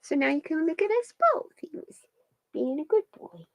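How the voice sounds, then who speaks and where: A woman's voice: high voice, expressive, moderate pace, creaky, no echo. A woman hosting a live stream, chatting casually with viewers and her pets while she pulls stones and cards.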